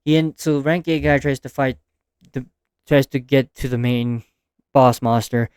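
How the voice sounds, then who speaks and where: Dude reviewing anime eps, hyped and slangy, swears a bunch, smooth clear voice, dry sound. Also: male voice, medium pitch, moderate pace, no echo. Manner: excitable and slangy, swears casually. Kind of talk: casual video review, recapping episodes.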